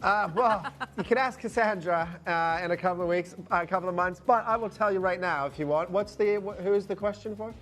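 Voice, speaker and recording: A man's voice: high-pitched, brisk, hardly any pauses, a bit bright, faint music behind. A man presenting live on a shopping channel, calling out prices and bantering with his co-host. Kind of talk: live auction selling. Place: TV studio.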